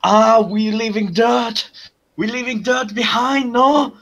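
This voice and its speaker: Man doing a giddy insect crewman, cartoonish French, pitched high for a tabletop game. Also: steady tone, fairly bright tone, exaggerated voice. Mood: excited. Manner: exaggerated mock-French, slow and sing-song. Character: excitable male bug-creature crewman with a French accent.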